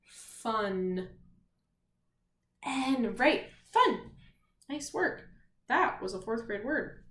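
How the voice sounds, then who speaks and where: A woman teacher leads young children through a spelling lesson at a very slow, careful pace. Her voice sits fairly high, and she is patient and encouraging as she sounds out each letter. The recording is echoey, as in a bare room. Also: lively intonation, fairly bright tone.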